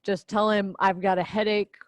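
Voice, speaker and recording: A woman's voice: mid-range voice, little pitch movement, normal speed, dry recording, natural voice. A woman doing a blunt, vengeful young prince. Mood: insistent.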